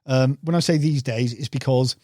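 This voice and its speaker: A carp angler, guest on a podcast, tells rambling fishing stories in a casual interview, calling the host "mate". His mid-range voice is a little mellow at a moderate pace, recorded with studio quality and no echo.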